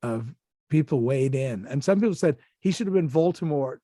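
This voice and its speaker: A man's voice: medium pitch, lively intonation, moderate pace, mellow, no room sound, clean studio sound. An older male actor, a guest on an interview show, telling anecdotes casually with many restarts and acted-out quotes.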